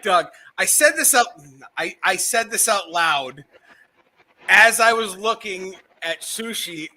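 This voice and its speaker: A man's voice: a little high, pushed and bright. A man co-hosting a podcast in casual chat, rambling and profane, often laughing at himself. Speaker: podcast co-host.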